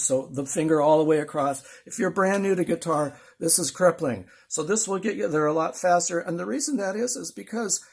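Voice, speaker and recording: An older man teaching guitar in a casual, rambling, self-deprecating way, with guitar playing behind him. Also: on the high side.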